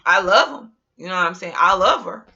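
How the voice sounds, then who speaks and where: Bright-voiced chatty woman vlogger. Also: lowish voice, fairly quick, gravelly, muffled recording. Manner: animated, chatty, rambling, slangy. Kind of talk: casual monologue to camera.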